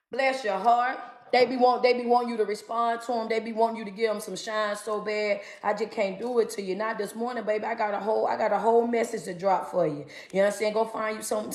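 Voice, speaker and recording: High, energetic woman hyping her live stream. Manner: hypes viewers, greets cities, repeats phrases. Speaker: motivational speaker and life coach. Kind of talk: live-stream motivational talk. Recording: echoey room.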